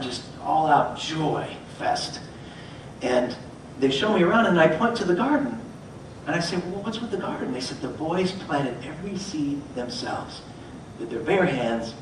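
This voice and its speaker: A man's voice: a little high, noisy background. A middle-aged man, a motivational speaker, telling a story on stage and acting out the voices of the people in it. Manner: animated, acts out voices in his stories. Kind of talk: storytelling talk. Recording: echoey hall, mic from far off.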